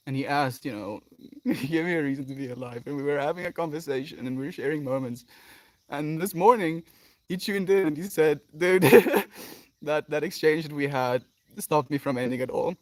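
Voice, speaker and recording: A man's voice: on the high side, normal speed, a little mellow, dry recording. A man hosting a daily livestream in an emotional, effusive chat, often sighing and laughing as he thanks viewers. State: emotional, near tears. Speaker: livestream host.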